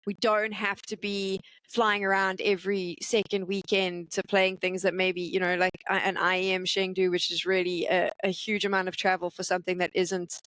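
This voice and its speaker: A woman's voice: medium pitch, flat delivery, moderate pace, few pauses, fairly bright tone, no echo, poor audio. A woman from South Africa hosting a podcast, asking questions in a conversational way. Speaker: podcast host. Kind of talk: casual podcast chat.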